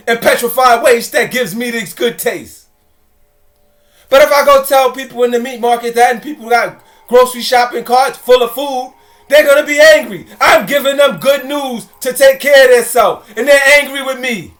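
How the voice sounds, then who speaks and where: Very high-pitched man telling a story. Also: measured pace, long pauses, fairly bright tone, faint music behind. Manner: casual, addresses listeners directly, repeats phrases. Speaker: presenter. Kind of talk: storytelling monologue to an audience.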